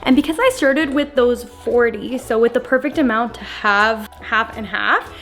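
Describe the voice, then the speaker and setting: A young woman vlogging at home as she crochets, chatty and excitable, talking to the camera on a stand. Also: fairly high pitch, normal speed, soft background music. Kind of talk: casual talk-to-camera vlog.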